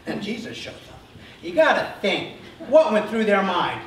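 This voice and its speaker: Speaking at a normal speed in a high voice, this pastor delivers an Easter sermon to his congregation, frequently checking in with "Okay?" and bringing Bible characters to life. The church sanctuary is very echoey, his voice sounds distant, and there's a little faint noise.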